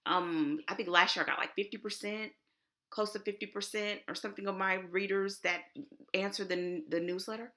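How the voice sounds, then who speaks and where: A woman's voice: medium pitch, fairly even intonation, normal speed, a bit bright. A middle-aged woman with a Texan accent from Houston, giving a chatty, emphatic conference talk as a presenter. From Houston, Texas.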